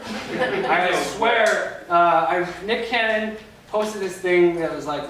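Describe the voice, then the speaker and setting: Young male stand-up, high voice, echoey room. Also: slow, a crowd in the background. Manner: rambling, loose, with filler words. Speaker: stand-up comedian. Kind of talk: stand-up comedy set. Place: comedy club stage. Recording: echoey club from a distance with noise.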